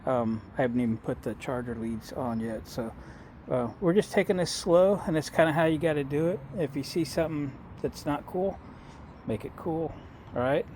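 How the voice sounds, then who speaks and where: A man's voice: a little high, moderate pace, a little mellow. A middle-aged man talking casually and folksily to viewers about his small electric car, recorded outdoors. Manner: folksy, rambling, addresses viewers as boys and girls. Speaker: vlogger showing his electric utility car. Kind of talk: casual vlog talk. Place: outdoors, at a restaurant lot and by a barn. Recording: outdoor noise behind the voice.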